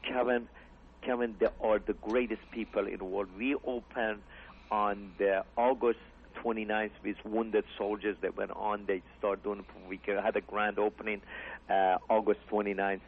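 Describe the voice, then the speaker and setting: Earnest man with husky broken English. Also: lowish voice, flat delivery, moderate pace. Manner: earnest, rambling, broken grammar. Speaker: comedy club owner. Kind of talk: casual radio interview chat. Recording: tinny phone-like radio audio.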